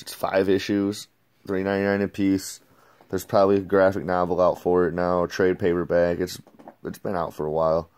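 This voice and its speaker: A man's voice: deep voice, a little mellow, smooth. A man giving a casual, rambling comic book review, laid-back, swearing and saying "dude" a lot.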